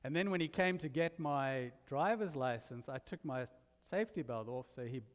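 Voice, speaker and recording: A man's voice: medium pitch, lively intonation, normal speed. A man giving a sermon with humorous, self-deprecating stories, from outside the US, speaking in a church sanctuary. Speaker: guest minister. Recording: long reverb of a hall.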